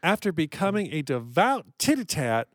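A man's voice: a little high, big pitch swings, moderate pace, no echo, clean studio sound. A man co-hosting a podcast, reading listener letters aloud in casual chat and often breaking into giggles. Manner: giggly, playful, breaks into laughter. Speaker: podcast co-host.

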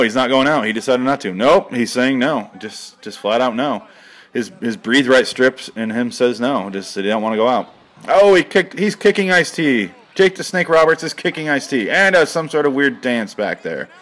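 A young man giving rambling, excitable mock wrestling commentary as a comedy bit, breaking into sudden shouted bursts. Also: mid-range voice.

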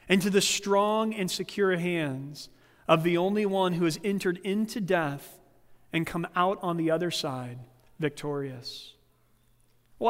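A male pastor delivers a sermon in a church sanctuary. His voice sits high and animated, shifting into playful quoted voices, and it carries a long hall reverb.

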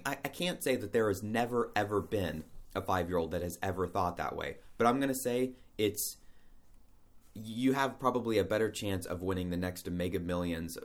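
Man, lowish voice, casual solo monologue, rambling, restarts sentences, rhetorical questions.

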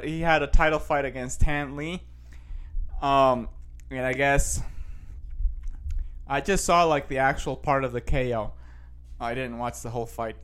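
A man's voice: on the high side, a bit bright, clean tone. A man hosting a casual show, rambling through news headlines with lots of fillers and restarts.

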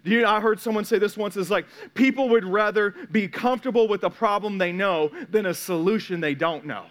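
A man preaching a sermon as a pastor, talking candidly and conversationally, often restarting his sentences with quick repeats. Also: sits high.

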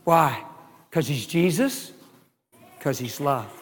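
Brief: high-voiced, lively male preacher, big swings, church hall reverb. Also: takes it slowly, slightly rough. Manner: animated, shouting exclamations, laughing asides. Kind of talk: sermon.

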